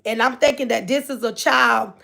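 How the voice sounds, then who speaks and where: Woman streamer, high pitch, casual recap, filler words, chatty commentary. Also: moderate pace, gravelly, pushed and bright. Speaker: commentator host.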